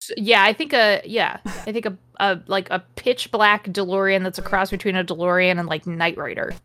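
A woman's voice: medium pitch, fairly even intonation, moderate pace, a bit bright, slight background noise. A woman podcast host giving a comedic reading, breaking off with sarcastic, profane jabs at the text. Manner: sarcastic, swears freely, mocks the text. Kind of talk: comedic dramatic reading with commentary.

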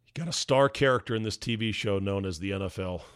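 Man, podcast host, ranting monologue, hoarse, emphatic, dry close sound. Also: fairly low pitch, fast talker, a bit bright, no room sound. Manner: emphatic, ranting, sarcastic asides. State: voice going hoarse. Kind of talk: opinion monologue.

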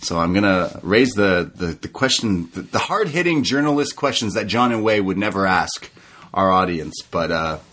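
A man co-hosting a casual wrestling recap podcast, animated and laughing often as he recounts the show. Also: sits low, normal speed. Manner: animated, laughs often, quotes wrestlers in raised mock voices. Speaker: podcast co-host.

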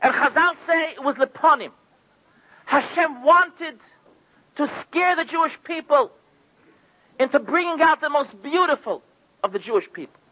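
High, bright-voiced impassioned preacher man. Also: lively intonation, normal speed, pauses often. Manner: impassioned storytelling, acting out quoted voices. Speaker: rabbi giving a sermon. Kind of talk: sermon. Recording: dull lo-fi recording.

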